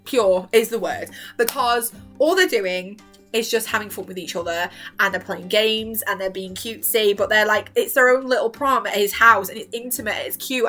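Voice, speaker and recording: Young woman, bright tone, gushing fan ramble, emotional, squeals now and then, faint music behind. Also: medium pitch. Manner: gushing and emotional, quotes characters in a softer voice, breaks into squeals. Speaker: vlogger. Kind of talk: excited fan rambling about a TV series.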